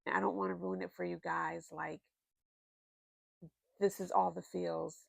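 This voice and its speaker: A woman's voice: fairly low pitch, little pitch movement, unhurried, vocal fry, dry recording. A married woman chatting casually and expressively about books she recommends, with plenty of fillers. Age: adult, married. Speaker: book vlogger.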